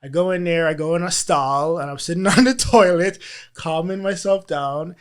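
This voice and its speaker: A man with a slightly high voice recounts a personal experience in a sit-down interview. He talks in an earnest, halting way and often restarts his sentences. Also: clear, resonant tone. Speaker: teacher and guest.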